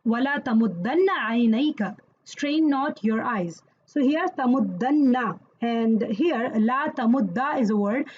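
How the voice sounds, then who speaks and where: A woman's voice: fairly high pitch, expressive, measured pace, a little mellow, highs cut off. A woman teaching Quranic Arabic grammar in an online lesson, explaining patiently and checking in with listeners as she goes.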